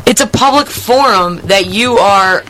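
A woman's voice: mid-range voice, a little slow, fairly bright tone, rough recording. A woman co-hosting a podcast, arguing bluntly and swearing a lot, indignant. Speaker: podcast co-host. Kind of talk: heated casual argument.

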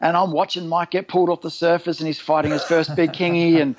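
Man spinning an animated story. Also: fairly high pitch, fast talker, dull audio. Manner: rambling, animated storyteller, laughs through his own story. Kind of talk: casual storytelling chat.

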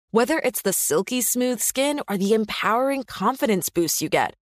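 A woman's voice: fairly high pitch, no room sound, studio quality. A woman reading a scripted ad in an upbeat, encouraging way. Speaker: ad announcer. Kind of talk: scripted ad read.

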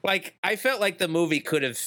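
A man's voice: high-pitched, animated, a little fast, sharp tone. A man chatting casually about a movie on a podcast, rambling and hedging with many fillers. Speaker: podcast co-host.

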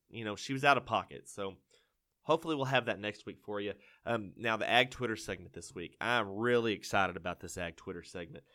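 A man's voice: medium pitch, sharp tone. A man hosting a farm podcast, rambling and joking with many fillers. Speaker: podcast host. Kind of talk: casual comedic chat.

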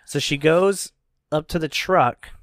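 A man's voice: fairly high pitch, takes it slowly, fairly bright tone, no echo. A man co-hosting a casual movie recap chat, making sarcastic, dry jokes. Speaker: podcast co-host.

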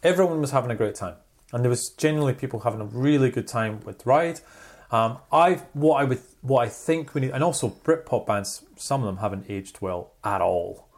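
A man co-hosting a casual chat show, telling stories in an animated way and checking in with "right?". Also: medium pitch, a little fast. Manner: animated storyteller, repeats "right?". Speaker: podcast co-host.

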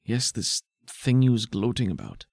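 A man's voice: mid-range voice, huge pitch swings, normal speed, creaky, husky, no echo, clean studio sound, exaggerated voice. Man voicing a blunt, guarded schemer. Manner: terse, matter-of-fact. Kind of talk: voicing a character in a tabletop game.

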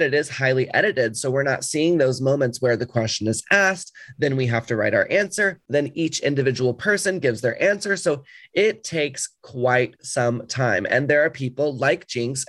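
A man co-hosting a podcast in casual chat, animated and gushing, laughing easily as he talks. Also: mid-range voice, normal speed, few pauses. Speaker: podcast co-host.

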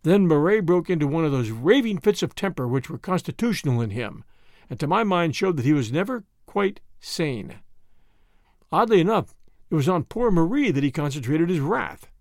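A man narrating a story in an expressive audiobook style. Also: on the high side, moderate pace, no echo, studio quality.

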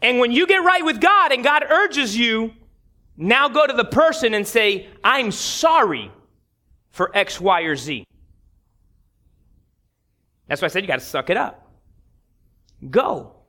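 High-voiced, bright-toned preacher man. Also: moderate pace. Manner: candid, animated storytelling with humor; direct, talks straight to the congregation. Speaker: pastor. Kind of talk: sermon with personal anecdote.

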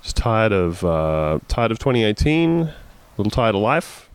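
A man hosting a casual comedy podcast, wry and deadpan, sounding tired. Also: fairly low pitch, normal speed, clear, resonant tone. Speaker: podcast host.

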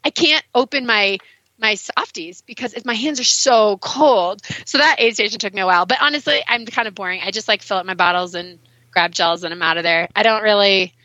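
A young adult woman talking as a guest on a casual podcast interview, animated and emotional, speaking in quick bursts. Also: mid-range voice, no echo. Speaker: guest ultrarunner. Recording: muffled dry recording.

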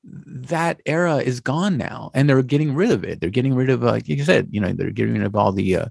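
A man in his fifties chatting casually and rambling about the old days, with a gravelly, slightly husky voice and animated bursts. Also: mid-range voice, brisk, no echo, studio quality. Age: 50s. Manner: animated, rambling, slips into Spanish exclamations. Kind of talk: casual chat.

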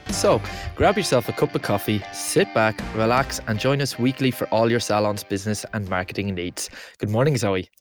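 A man co-hosting a podcast in casual chat, relaxed and talkative, reading out figures. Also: lowish voice, normal speed, few pauses, soft background music. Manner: chatty, relaxed, reads stats aloud. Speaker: podcast co-host. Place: small room. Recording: dry close studio mic.

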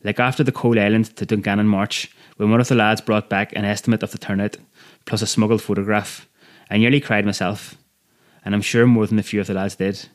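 Male reader; earnest, measured memoir narration with a low register. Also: little pitch movement. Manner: earnest, measured, quietly emotional. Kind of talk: first-person memoir reading.

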